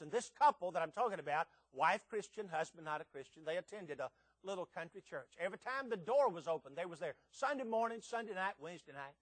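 A man's voice: high-pitched, a bit bright, dry recording. A man preaching a sermon, earnest and emphatic, with pressing rhetorical questions.

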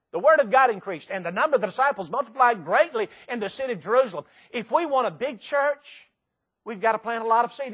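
A high-pitched man with a Tennessee accent delivers a sermon to his church congregation. He's animated and keeps firing off rhetorical questions.

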